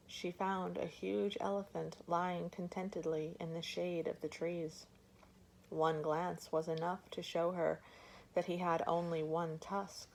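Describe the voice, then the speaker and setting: A woman reading a folk tale aloud for children in a gentle, measured way. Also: lowish voice, creaky, slight background noise. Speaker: storyteller. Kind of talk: storybook reading.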